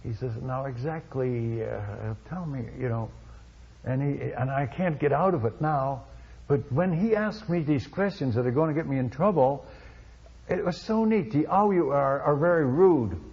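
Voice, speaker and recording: A male missionary telling a testimony story in an animated way, with many restarts, on a dull recording. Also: on the high side, moderate pace, husky. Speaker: missionary speaker.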